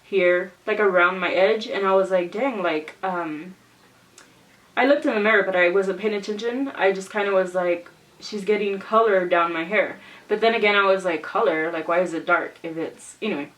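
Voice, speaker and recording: Animated young woman telling a story. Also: medium pitch, normal speed, distant mic, poor audio. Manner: animated, exclaiming, acts out quotes. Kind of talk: casual storytime vlog.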